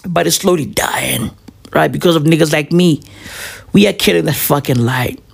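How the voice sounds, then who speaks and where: A man's voice: a little high, moderate pace, creaky, husky. A man, doing a profane, rambling comic monologue full of "right?" and "bruv". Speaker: comedian vlogger.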